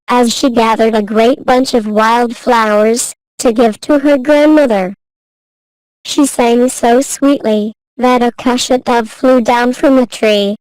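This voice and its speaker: Slow, clear woman reading a fairy tale. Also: on the high side, no room sound, rough recording. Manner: slow, careful and even reading. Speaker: storyteller. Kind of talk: scripted fairy tale narration.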